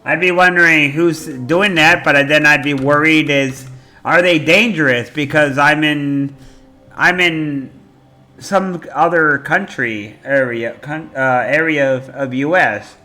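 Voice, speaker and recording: A male streamer in casual chat, talking in a rambling, animated way and swearing freely. His voice sits a bit high and has a bright, forceful tone. Faint game music plays behind him. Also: slow.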